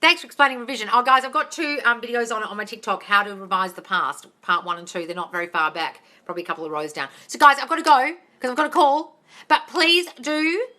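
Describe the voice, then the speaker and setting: A woman's voice: fairly high pitch, quick pace. Chatty woman hosting a live stream. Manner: chatty and animated, calls viewers darling, swears casually. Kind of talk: casual live-stream Q&A, reading viewer comments. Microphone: phone.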